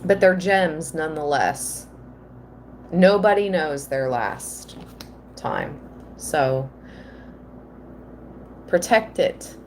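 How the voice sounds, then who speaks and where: A woman giving a live tarot reading, slow and earnest, at times emotional. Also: sits low, lively intonation, slight background noise. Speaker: tarot reader.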